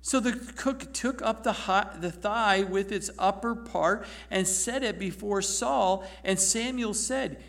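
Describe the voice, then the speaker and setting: Pastor type, male, fairly high voice, lively sermon delivery with bursts of laughter. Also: slow, creaky, few pauses. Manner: animated, laughing, acting out scripture voices.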